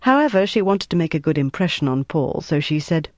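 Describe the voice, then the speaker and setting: A man's voice: fairly high pitch, very animated, a little fast, hardly any pauses, dry recording, studio quality. Man narrating an audiobook. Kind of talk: scripted narration.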